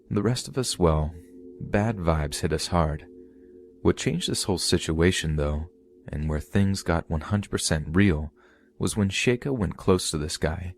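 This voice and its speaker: Deep-voiced man reading a creepy story. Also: slight background noise. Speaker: story narrator.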